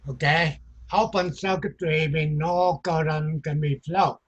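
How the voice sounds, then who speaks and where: A man teaching an electronics class, talking in short, halting phrases that he often repeats, with non-native grammar. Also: on the high side, steady tone, muffled recording. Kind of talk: classroom lecture.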